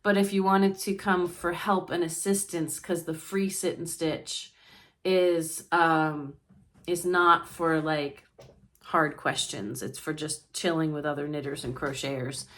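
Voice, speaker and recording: A woman with a drawl talks casually to her viewers in a slightly low voice. She rambles, restarts her sentences and fills pauses with ums. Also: steady tone, a bit bright. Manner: rambling, many fillers and restarts. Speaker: yarn shop owner and crafting vlogger. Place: indoors at home.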